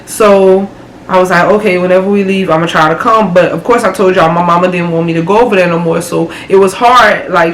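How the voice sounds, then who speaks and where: A woman's voice: lowish voice, a bit bright, reverberant, slight background noise, poor audio. A young woman, telling a dramatic personal story in a chatty storytime vlog. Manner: chatty, dramatic retelling with lots of fillers. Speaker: vlogger. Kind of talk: casual storytime.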